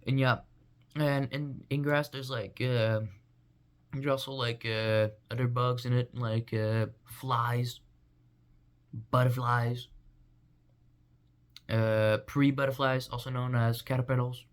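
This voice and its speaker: A man's voice: medium pitch, flat delivery, takes it slowly, pauses often, clear, resonant tone. Rambling goofy young man. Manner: rambling, filler-heavy, goofy. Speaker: vlogger. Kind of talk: rambling casual monologue.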